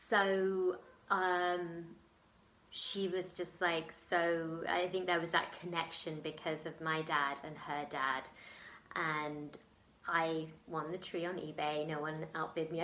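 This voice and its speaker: A woman's voice: lowish voice, flat delivery, measured pace, sharp tone, reverberant, a little hiss or hum. An English woman telling a personal story in a chatty, emotional way, with many ums and laughs. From England. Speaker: vlogger. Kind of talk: casual storytelling vlog.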